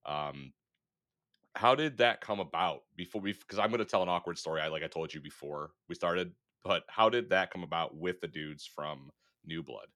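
A man's voice: low voice, normal speed, bright, forceful tone. A man from Michigan hosting a podcast interview, laid-back and profane, telling stories with acted-out quotes. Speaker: podcast host.

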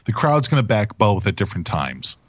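A man with a low voice co-hosts a wrestling podcast, his pitch swinging widely as he talks. He is loose and profane in casual chat, on a dry, close recording. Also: sing-song, a little fast, no echo. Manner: loose and profane, laughs easily. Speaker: podcast co-host.

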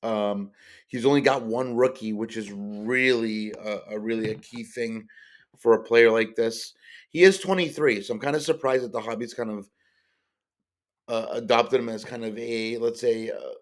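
On his solo sports-card podcast, a man discusses soccer players in a relaxed, rambling way, at normal speed with a steady, medium-pitched voice. Many ums and uhs pepper his speech, and he pauses to fix what he said.

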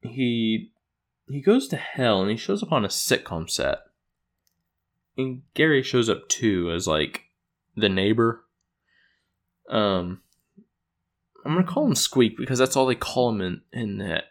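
A man's voice: lowish voice, big pitch swings, unhurried, long pauses. A man casually recapping an episode he wrote, rambling with fillers, chuckling and correcting himself. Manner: loose and chuckling, with frequent fillers and self-corrections.

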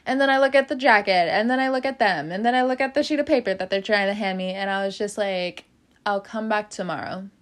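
A young woman hosting a podcast, telling a story in a casual, animated way, laughing often and acting out what other people said. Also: medium pitch, quick pace, few pauses. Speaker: podcast host.

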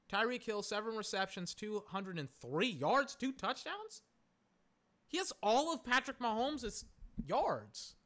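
High bright-voiced young male podcaster. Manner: exasperated, rambling, swears, many fillers. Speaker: podcast host. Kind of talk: casual live game commentary. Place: home, in a recliner.

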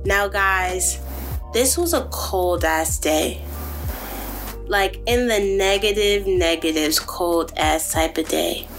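A woman hosting a podcast, telling a story in a casual monologue, animated and profane, often addressing her listeners directly. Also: on the low side, slow pace, faint music behind. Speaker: podcast host.

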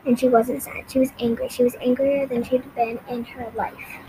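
Female reader for a novel, fairly high voice, steady and clear, faint noise behind. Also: moderate pace. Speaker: audiobook reader. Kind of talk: reading a novel aloud.

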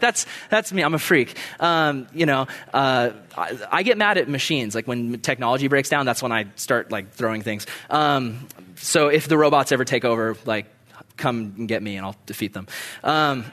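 A young man preaching a sermon, telling stories from his own life and acting out his frustrated outbursts in a high, strained voice. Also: a bit bright.

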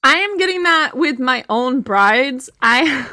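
A woman's voice: high voice, lively intonation, slow pace, pushed and bright, no room sound, studio quality. A young woman co-hosting a casual podcast, chatty and giggly, acting out what people said. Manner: chatty, giggly, acts out quotes. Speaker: podcast co-host; wedding photographer. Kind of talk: casual chat.

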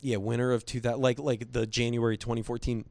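A man's voice: mid-range voice, level tone, fairly quick, gravelly, a little mellow, no room sound. A man earnestly telling a personal faith story in casual conversation, rambling with restarts and slipping into quoted voices.

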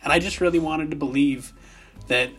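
A young man with a Minnesota accent, co-hosting a casual podcast chat, telling animated stories and laughing often. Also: a little high, moderate pace, breathy edge. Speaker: podcast co-host.

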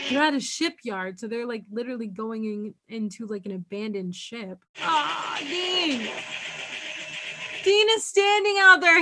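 A young woman giving chatty, excitable commentary as she reacts to a TV show, laughing often. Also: high voice.

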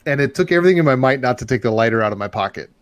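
A man in casual chat, spinning a long rambling story that swells into loud excitement at its peaks. His voice sits at an everyday middle pitch, and the recording is dry and close, with no room sound. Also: racing, dry recording. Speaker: podcast host telling a story.

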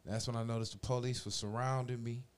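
Talking fast in a smooth, mid-range voice, a forty-something man recounts a long story in a laid-back chat. He curses freely, uses plenty of street slang, and performs the other characters' voices with gusto.

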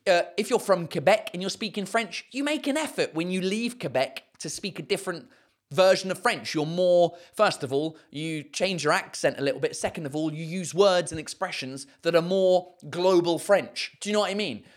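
English bloke on a livestream, bit high-pitched, rambly and sweary, keeps laughing. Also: male voice, normal speed. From England. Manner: rambling, excitable, swears freely, laughs often. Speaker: livestream host reading chat. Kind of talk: casual live-stream chat.

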